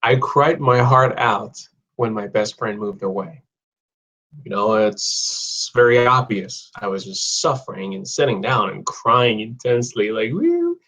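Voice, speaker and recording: Steady and unhurried, a young man's lowish voice comes across bright and forceful on a low-quality recording. During a live online English idioms lesson, he chats with viewers, reads their comments aloud and cracks jokes.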